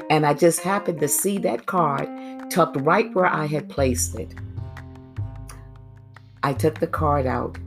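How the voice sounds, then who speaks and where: A woman giving a devotional talk, telling a story in a calm, unhurried way. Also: sits low, vocal fry. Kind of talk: devotional reading. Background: faint guitar music.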